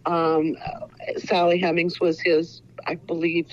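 An earnest woman in her sixties from Ohio, rambling through a casual interview with lots of fillers. Her voice sits a little low. The recording sounds dull and lo-fi. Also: moderate pace. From Ohio, USA. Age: 60s. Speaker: author guest.

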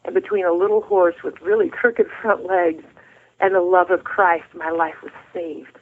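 A woman's voice: on the low side, steady tone, normal speed. A middle-aged woman, a guest author, telling her story of faith in an earnest, heartfelt way. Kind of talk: faith testimony in an interview. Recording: tinny phone line.

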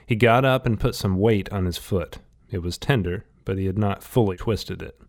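A man reading a novel aloud in steady, scripted audiobook narration. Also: on the low side, normal speed.

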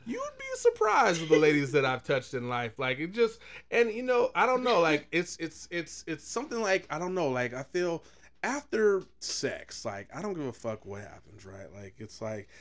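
A man's voice: fairly high pitch, wildly swooping pitch, normal speed, fairly bright tone. Male podcast host, crude bragging chat, voice swinging up and down. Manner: boastful, rambling, crude, slips into bits. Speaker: podcast host and wedding officiant. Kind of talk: casual chat.

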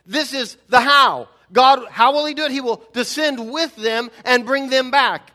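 A male pastor delivering a sermon, pressing his points with rhetorical questions and repeated words. His voice sits high, with a bright, forceful edge. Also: a little slow, hardly any pauses. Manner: emphatic preaching with frequent repetitions and rhetorical questions.

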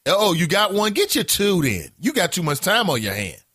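Animated, bright-voiced talk show host man. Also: high-pitched, normal speed, breathy edge, no echo, clean studio sound. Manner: animated storytelling, profane, laughs at himself. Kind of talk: casual morning talk show monologue.

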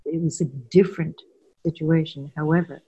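A woman's voice: sits low, fairly even intonation, moderate pace, muffled recording, slight background noise. An older woman, a guest and former caregiver, tells personal stories candidly and earnestly, laughing now and then. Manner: warm, earnest, laughs while telling stories.

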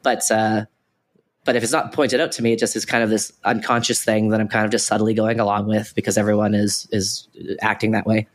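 Fast-talking low-voiced man rambling. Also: level tone. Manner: rambling, heavy use of "like" fillers and restarts. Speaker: podcast co-host. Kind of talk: casual conversational explaining.

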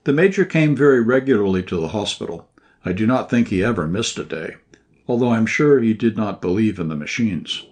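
A man reading a short story aloud in scripted first-person narration, at a measured, even pace. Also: fairly low pitch. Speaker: audiobook narrator.

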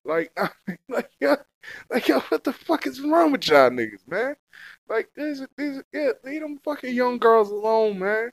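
Young man, high-pitched, dry close mic; profane, heated street-slang rant. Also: sing-song, unhurried, creaky, no echo. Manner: heated, repetitive, heavy slang and swearing. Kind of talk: casual profane rant to camera.

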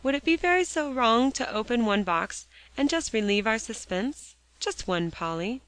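A woman's voice: on the high side, animated, normal speed, fairly bright tone, no echo, voice pushed up, low-quality recording. A woman voicing a curious young girl who teases and whispers conspiratorially. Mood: teasing. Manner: whispering, teasing.

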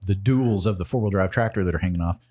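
Forties man, low husky voice, laid-back profane storyteller. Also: quick pace, darkish tone. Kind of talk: casual storytelling.

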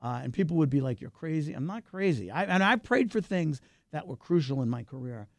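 A middle-aged man in a casual interview, chatting animatedly about his work. His voice sits a little high for a man and carries a gravelly edge. The sound is close and dry. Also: fairly quick, dry recording. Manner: animated, talkative, wide pitch swings. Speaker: filmmaker, guest.

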